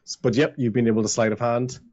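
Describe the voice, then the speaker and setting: A man's voice: medium pitch, fairly even intonation, fast talker, darkish tone, dull audio. A man narrating as game master of a tabletop game, rambling with lots of fillers.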